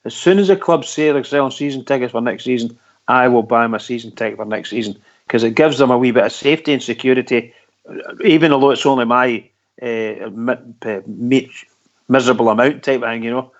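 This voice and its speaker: A man's voice: medium pitch, brisk. A Scottish man calls into a fan radio show, talking earnestly and circling back over his own words. His voice sits mid-range, and the audio is dull and lo-fi. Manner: earnest, repeats himself, says wee and pal. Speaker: caller. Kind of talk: casual radio phone-in chat. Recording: lo-fi phone-in audio.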